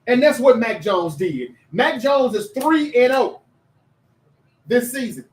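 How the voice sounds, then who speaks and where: A man hosting a casual sports talk livestream, chatty and animated, reading viewer comments aloud and talking straight to his chat. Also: extremely high pitch, slow, reverberant, distant mic, low-quality recording.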